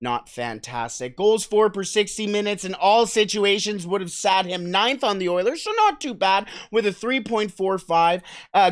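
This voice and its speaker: A man's voice: sits high, a bit bright. A man hosting a casual solo hockey podcast, talking conversationally, asking listeners questions and shifting about in his seat as he talks.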